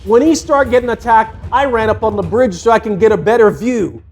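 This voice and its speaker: A man putting on a clueless teenage boy who explains himself loudly and matter-of-factly. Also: high-pitched, brisk, soft background music, voice pushed up. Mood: carefree excuse.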